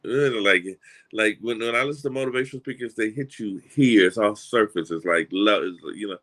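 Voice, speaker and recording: A middle-aged man with a Southern US accent gives a motivational talk in an animated, folksy storytelling style, often restarting and repeating words. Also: lowish voice, fairly quick. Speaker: motivational speaker.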